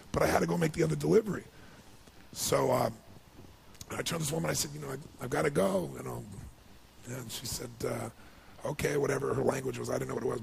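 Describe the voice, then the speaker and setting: A man giving a motivational speech, telling a personal story with emotion that builds into excited passion. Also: on the high side, gravelly, a little hiss or hum. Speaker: motivational speaker.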